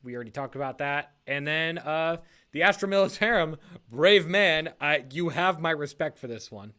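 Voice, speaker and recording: A man with a fairly high voice and a bright, pushing edge chats loosely on a podcast. He rambles, breaks off his sentences to fix them, and laughs as he goes. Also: lively intonation, normal speed. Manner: rambling, self-correcting, laughs often. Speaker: league podcast co-host. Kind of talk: casual podcast chat.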